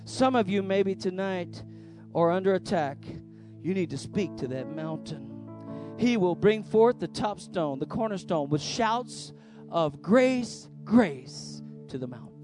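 A man preaching a sermon as the pastor of a church service, emphatic, swinging between loud declarations and hushed lines. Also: sits high, expressive, measured pace. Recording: faint music behind.

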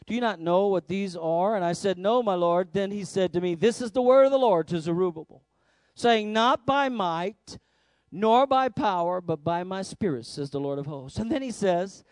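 A man preaching a sermon as the pastor of a church service, emphatic, swinging between loud declarations and hushed lines. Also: high-pitched, lively intonation, moderate pace, no room sound, studio quality. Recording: faint music behind.

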